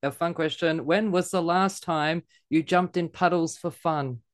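A man's voice: a little high, unhurried, dry recording, clean studio sound. A man hosting a casual chat, asking questions in a playful, teasing way.

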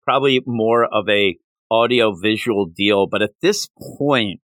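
Bright-voiced man in animated podcast chat. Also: unhurried, no room sound. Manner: animated, retells scenes and jumps up in pitch when acting out characters. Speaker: podcast co-host. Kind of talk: casual discussion of a manga chapter.

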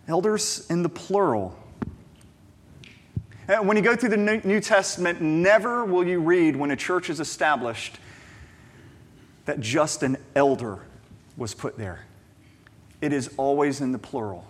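A man's voice: a little high, a little slow, pauses often. Emphatic man preaching a sermon. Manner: emphatic, repeats words, rhetorical questions; conversational storytelling asides. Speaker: pastor.

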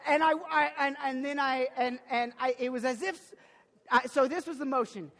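High-voiced young man preaching in a hall. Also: normal speed. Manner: animated, with sudden loud bursts and many restarts. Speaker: pastor. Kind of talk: sermon with personal storytelling. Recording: long reverb of a large hall.

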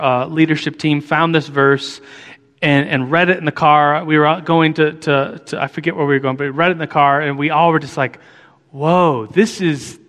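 A man preaching a sermon as a pastor, earnest and halting, often restarting his sentences. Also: fairly high pitch, fairly bright tone, long reverb tail.

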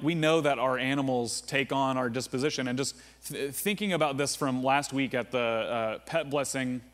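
A man preaching a sermon as pastor in a casual, conversational way, often saying "like" and "uh". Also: mid-range voice. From United States. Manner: conversational, with frequent "like" and "uh" fillers. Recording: long reverb of a large room.

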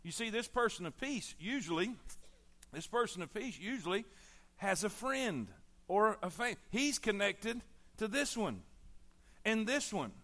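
A middle-aged man preaching a sermon, swinging between loud exhortation and hushed intensity. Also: sits high, sing-song, a little slow.

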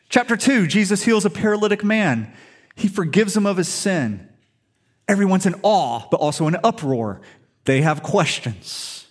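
Emphatic preacher, a man with a higher voice. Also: very animated, moderate pace, breathy edge. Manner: storytelling, emphatic, rhetorical questions. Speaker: pastor. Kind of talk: sermon.

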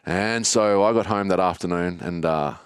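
A man's voice: low voice, moderate pace, clear, resonant tone, no echo, studio quality. A man telling his life story in a casual interview, acting out the voices of people from his childhood. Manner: animated, acts out childhood voices.

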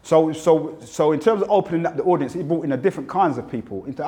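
A man's voice: a little high, fast, hardly any pauses. A man in his fifties with a London accent, recalling his music career in an interview, telling stories and acting out what people said. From England. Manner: animated storyteller, acts out quotes. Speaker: interviewee, rapper. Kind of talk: reflective interview talk.

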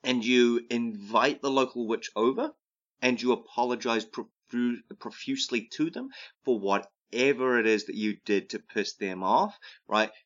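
A man's voice: mid-range voice, unhurried. A man giving rambling comedic advice who keeps tagging his sentences with "right?". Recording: dull lo-fi recording.

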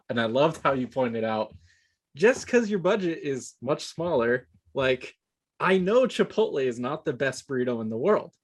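Male podcast host, mid pitch, easygoing recapper. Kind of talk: casual podcast interview.

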